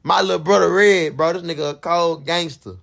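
A young man with a gravelly edge and a fairly high voice tells a wild story to his viewers. He talks casually and curses freely, jumping into loud re-enactments of his own screams and lines. It sounds like an unscripted vlog. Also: a little fast. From Fort Worth, Texas. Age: 20s. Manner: animated, profane, acts out his own screams and quotes. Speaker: vlogger.

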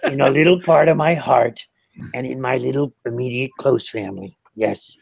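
A man's voice: mid-range voice, moderate pace, gravelly, breathy edge, dry recording. An older man, a puppeteer guest, telling anecdotes in a casual interview over a remote call. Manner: animated anecdotal storytelling with laughs. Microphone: remote call line.

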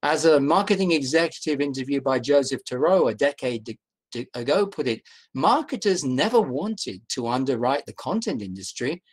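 A man giving an online academic talk as a guest professor, measured and emphatic, posing rhetorical questions to his audience over a video call. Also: medium pitch, animated, breathy edge. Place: indoors at home during rain.

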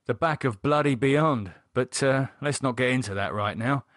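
A man's voice: mid-range voice, moderate pace, a bit bright, no echo, studio quality, lightly acted. A man voicing a blunt, sardonic man who swears casually while preparing a grim ritual. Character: edgy blunt man reviving a vampire.

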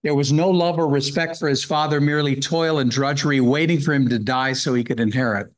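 A man's voice: mid-range voice, fairly even intonation, brisk, rough recording. A man giving a Bible-hour sermon, earnestly reading scripture and explaining it verse by verse. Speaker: guest speaker at a Bible hour.

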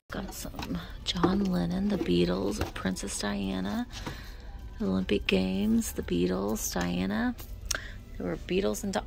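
A woman's voice: medium pitch, fairly even intonation, measured pace, vocal fry, a little mellow. A woman vlogging a thrift hunt in an antique mall, chatting casually, talking to the items and slipping into whispered asides. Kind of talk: casual thrift-shopping chat. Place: indoor antique mall with booths. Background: faint store music.

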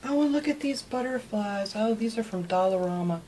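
A woman's voice: medium pitch, expressive, brisk, warm tone, slight background noise. Chatty woman gushing over fan mail. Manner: gushing and chatty, thanking viewers by name. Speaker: craft channel host. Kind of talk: casual chat, opening mail. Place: home craft room.

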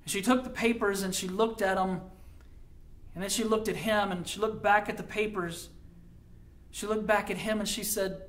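A middle-aged man, a pastor, telling a story in a sermon, dramatic and dropping quiet for quoted lines. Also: high voice, steady tone, normal speed.

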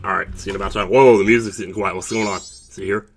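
A man's voice: low-pitched, steady tone, quick pace. A man giving casual, jokey gameplay commentary, chatting to the game character as he plays. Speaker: video game let's player. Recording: game music playing under the voice.

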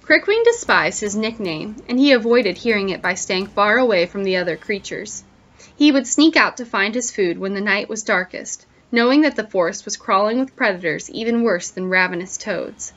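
Reading a picture book to a group of children, a female teacher tells the story expressively and pauses for questions. She speaks at a medium pitch on a dull, lo-fi recording.

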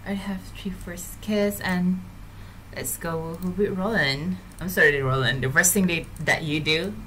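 Giggling and chatty, a woman YouTuber narrates her gameplay and addresses viewers directly. Her voice is fairly low with a sharp edge, and there's slight background noise.

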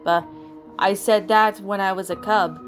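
Storybook lion king, older male, steady leader, read by a woman, soft music in the background. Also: mid-range voice, unhurried, close to an everyday voice.

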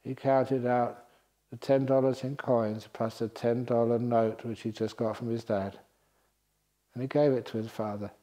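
A man's voice: medium pitch, normal speed. A man who is a Buddhist monk, telling stories in a dharma talk at a retreat centre, laughing often between lines. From England. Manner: laughing often, lively storytelling with voiced quotes.

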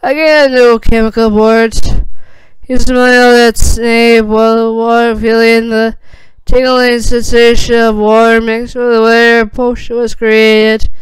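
A woman reading fan fiction aloud as narrator, slow and even with small hesitations. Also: fairly high pitch, clear, resonant tone, no echo, rough recording.

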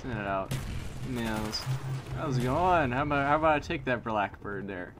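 A young man talks his way through a shooter match, his pitch bouncing around as he jokes and teases the other players. He sounds playful and a bit goofy, and he chats to himself the whole time. Loud gunfire and explosions from the game run underneath his voice. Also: lively intonation, normal speed. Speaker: gameplay commentator. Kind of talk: live gameplay commentary. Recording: noisy game audio behind.

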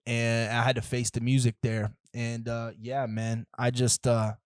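A young man rants on his solo podcast, talking into a close, dry mic at a middle pitch. He rambles from tangent to tangent, swears freely, and leans on fillers. His voice jumps up for loud outbursts, then drops to low mutters. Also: unhurried, clear, resonant tone, no echo. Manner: rambling, profane, restless, many fillers and tangents; lively, swings from loud outbursts to muttered asides. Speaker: podcast host. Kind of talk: casual solo podcast rant.

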